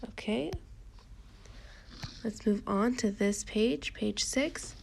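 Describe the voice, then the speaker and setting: Slow, patient woman teacher. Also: medium pitch, vocal fry, darkish tone, slight background noise. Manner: patient, slow, explaining each step. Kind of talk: reading lesson for a young child.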